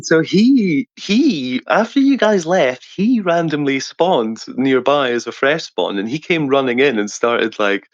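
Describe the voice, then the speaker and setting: A man's voice: medium pitch, unhurried, hardly any pauses, no room sound, lo-fi sound. A man as an interview guest, swearing and laughing as he tells gaming stories over a headset. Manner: animated anecdotes, frequent swearing and laughter. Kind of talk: casual storytelling.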